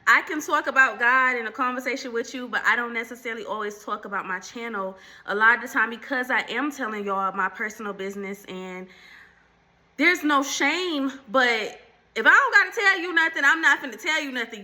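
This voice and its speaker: A woman's voice: fairly high pitch, lively intonation, brisk, sharp tone. A woman hosting her own channel, chatting casually to viewers about faith and relationships, calling them y'all, with preachy asides. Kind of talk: casual faith talk to camera.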